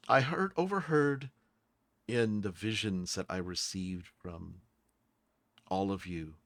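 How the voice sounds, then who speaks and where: A low, unhurried voice gives a redeemed ancient hero his gentle curiosity, as a game master puts him on. He talks slowly and asks probing questions. The sound is close and dry. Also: no echo, exaggerated voice. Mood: thoughtful.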